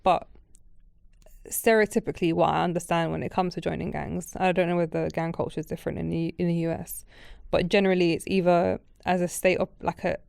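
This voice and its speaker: A woman's voice: on the low side, fairly even intonation, brisk, creaky, darkish tone, clean tone, no echo, clean studio sound. A woman hosting a podcast, asking reflective questions in a casual interview. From United Kingdom. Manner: thoughtful, reflective questioning with fillers. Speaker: podcast host.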